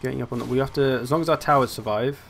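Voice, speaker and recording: Chatty gaming commentator. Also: male voice, medium pitch, racing, creaky, fairly bright tone, a little hiss or hum. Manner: chatty, wry, thinking aloud. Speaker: gaming channel host. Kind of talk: casual strategy game commentary.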